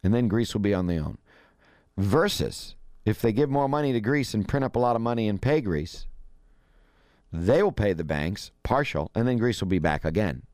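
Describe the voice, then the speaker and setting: A man's voice: fairly low pitch, lively intonation, normal speed, darkish tone, no room sound, clean studio sound. A man giving casual, opinionated commentary, folksy and blunt, often acting out what others say in a raised voice. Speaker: financial commentator.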